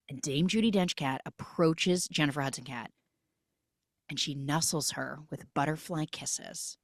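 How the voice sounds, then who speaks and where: A woman hosting a podcast, retelling a film with jokey, animated storytelling on a close mic. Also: low voice, measured pace, dry recording. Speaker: podcast host. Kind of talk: comic film recap.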